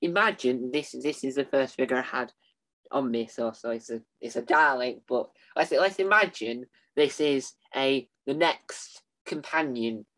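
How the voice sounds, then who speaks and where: A young interviewer asks questions with eager enthusiasm. He keeps restarting and stumbling over words. His pitch sits in the middle range. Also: fairly bright tone. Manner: eager, halting, many restarts. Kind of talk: casual interview.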